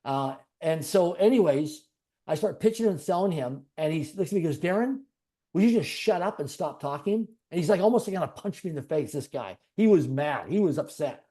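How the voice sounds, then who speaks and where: A man's voice: a little high, lively intonation, brisk, mellow. A man being interviewed, earnestly telling a personal story in conversation with repetitive, piled-up phrasing. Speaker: interview guest.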